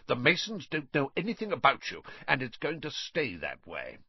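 A man's voice: mid-range voice, wildly swooping pitch, normal speed, breathy edge, no room sound, lo-fi sound, voice pushed up, full character voice. A man reading a story aloud, voicing a nasty, bossy middle-aged uncle who barks orders and snarls.

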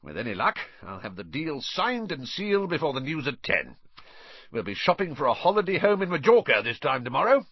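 A man's voice: on the high side, very animated, a little fast, slightly rough, dry recording, muffled recording, voice pushed up, full character voice. A man reading a story aloud, voicing a nasty, bossy middle-aged uncle who barks orders and snarls.

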